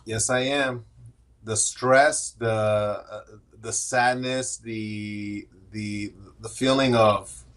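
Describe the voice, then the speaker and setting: An AI strategist appearing as an interview guest speaks candidly and earnestly about his working life, slipping into quoted voices as he tells his story. His lowish, fairly bright voice moves extremely slowly with fairly even intonation.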